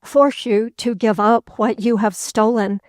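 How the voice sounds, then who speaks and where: A woman's voice: fairly high pitch, steady tone, a little slow, no echo, clean studio sound, natural voice. A woman reading an audiobook, voicing a furious young French nobleman who hurls savage, indignant accusations. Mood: enraged.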